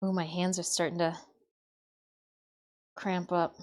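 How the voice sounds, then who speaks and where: A woman from Michigan chatting casually on a live stream while she cooks, swearing freely and often dropping to a quiet mutter. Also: on the low side, little pitch movement, slow, background noise. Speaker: livestreamer.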